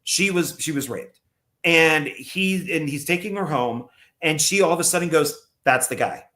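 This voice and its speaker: A man's voice: on the high side, normal speed, bright, forceful tone. A man on a podcast casually recounting a film plot at length, often stumbling and restarting his sentences. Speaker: podcast co-host. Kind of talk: casual movie review chat.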